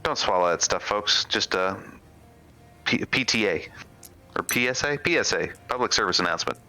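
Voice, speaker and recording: Bright-voiced joking male co-host. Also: on the low side, lively intonation, moderate pace. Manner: joking, self-deprecating. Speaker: stream co-host and commentator. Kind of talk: casual chat on a game stream. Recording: faint music behind.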